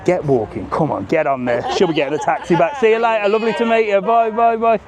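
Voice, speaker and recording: A man's voice: sits high, quick pace, a crowd in the background. A man doing a live walking travel vlog, chatting and joking with passers-by. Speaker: travel vlogger. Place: outdoors on a seafront promenade.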